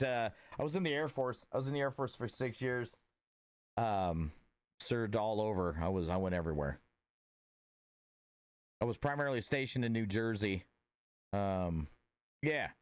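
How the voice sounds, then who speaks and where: A laid-back man talks with his livestream viewers in a smooth, resonant, medium-pitched voice at a moderate pace, greeting them by name in a friendly way. The sound is dry and close with no room echo, and he wanders through his thoughts with plenty of filler words and restarts.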